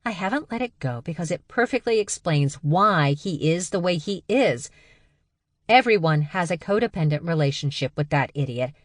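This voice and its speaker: A woman's voice: fairly low pitch, no echo, clean studio sound, pitched above the performer's own voice. A woman voicing a blunt, exasperated young woman who speaks heatedly. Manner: heated, emphatic. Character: exasperated eldest sister, blunt.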